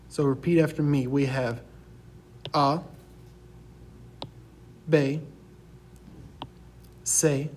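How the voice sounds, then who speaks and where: A young man teaching a recorded class lecture, saying each word slowly and clearly for students to repeat. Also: on the high side, a little mellow. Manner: slow, deliberate, drills words for repetition.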